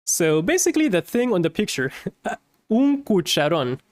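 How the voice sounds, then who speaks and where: A Spanish teacher giving a casual language lesson, repeating each word slowly and adding playful asides. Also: medium pitch, very animated, no room sound, studio quality.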